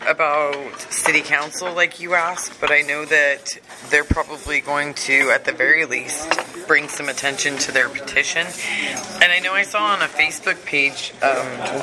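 A man's voice: fairly high pitch, steady tone, moderate pace, heavy background noise. A man, an encampment advocate, giving a loose, chatty spoken report with many fillers. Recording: dish and cutlery clatter.

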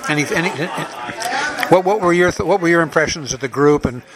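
A man interviewing people casually, halting and repeating words as he asks questions. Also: a little high, a loud crowd. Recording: loud dish and cutlery noise.

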